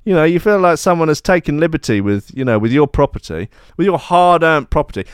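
A man's voice: on the high side, brisk, clear, resonant tone, no room sound, studio quality. Sarcastic man, mock outrage. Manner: deadpan mock outrage, lots of fillers. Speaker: comedy podcast host. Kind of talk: sarcastic comic commentary.

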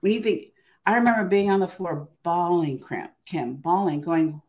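A woman's voice: on the low side, animated, moderate pace, darkish tone. Older lady guest on an interview, emphatic storytelling, keeps going "right?".

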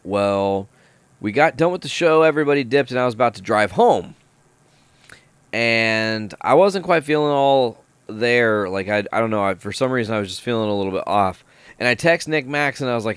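A young adult man hosting a podcast, telling stories in a casual, profane, animated way. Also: mid-range voice, a little fast, smooth, dry recording. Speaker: podcast host. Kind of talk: casual podcast chat, storytelling.

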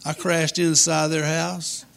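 Gravelly man telling a funny story. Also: fairly high pitch, moderate pace. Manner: folksy, deadpan understatement. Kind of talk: humorous storytelling.

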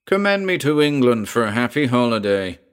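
A male narrator voicing a big, rugged outdoorsman on home leave who talks in a gruff, growling way. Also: mid-range voice, very animated, a little fast, lightly acted.

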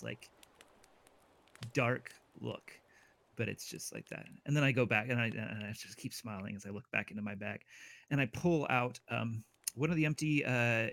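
A man's voice: medium pitch, vocal fry, fairly bright tone. A man playing in an online tabletop game, stammering as he describes his character's actions. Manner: stammering, restless. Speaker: player. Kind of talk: tabletop role-play.

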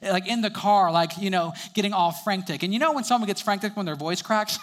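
A man's voice: high-pitched, fairly quick, fairly bright tone. A young adult man preaching a sermon, telling stories and chuckling between sentences.

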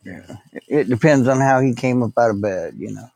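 A man's voice: mid-range voice, animated, a little fast, gravelly, darkish tone, no echo. A man in his fifties chatting casually and candidly on a group call. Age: 50s. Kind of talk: casual chat.

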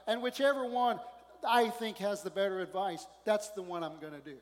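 Animated preacher man in a big hall. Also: sits high, normal speed. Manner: conversational, animated, asks the congregation questions. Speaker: pastor. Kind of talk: sermon. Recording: long hall reverb.

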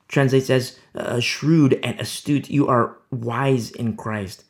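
A man delivers a sermon in a gravelly voice of middling pitch. He presses his points with rhetorical questions, rising to loud emphasis and then dropping to a hush. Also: fairly even intonation, measured pace, few pauses. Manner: swings between loud and hushed. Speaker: preacher.

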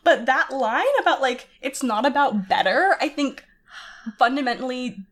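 A woman with a fairly high voice talks through a favorite story in a loose, casual way. She laughs often and fills her sentences with little fillers. She is animated and enthusiastic as she goes. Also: normal speed. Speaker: podcast co-host. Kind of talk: casual chat about a story.

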